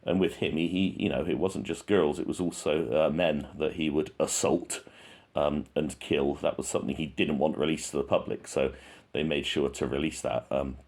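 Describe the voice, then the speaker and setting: A man's voice: extremely low pitch, fairly even intonation, moderate pace, darkish tone. A man hosting a true crime channel, talking casually and thinking aloud with frequent restarts.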